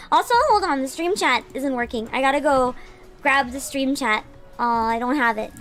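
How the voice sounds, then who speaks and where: A woman streaming a video game in casual chat, excitable, often shrieking, laughing and swearing. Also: high-pitched, normal speed. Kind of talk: casual gaming livestream. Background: game music.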